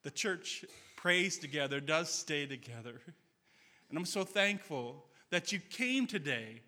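A man's voice: a little high, lively intonation, a little slow, sharp tone, big-room sound. A man preaching a sermon in a church sanctuary, earnest and telling stories with quoted dialogue.

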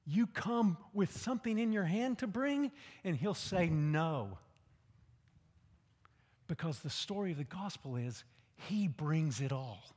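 A man preaching a sermon, dramatic, swinging between loud calls and hushed whispers. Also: sits high. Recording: long hall reverb.

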